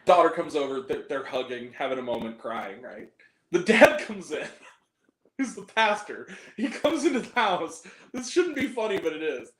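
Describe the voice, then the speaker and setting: A man giving a casual film review, animated, laughing often and acting out scenes in lively quoted voices. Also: on the high side, moderate pace. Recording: echoey room with faint noise.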